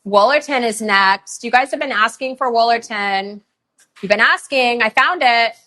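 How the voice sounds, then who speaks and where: A woman hosting a live shopping stream for roses, chatting casually with lots of fillers and pauses. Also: fairly high pitch, sharp tone. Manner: chatty, many fillers, emotional at times. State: tearful. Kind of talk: live sales stream chat. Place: rose farm, humid.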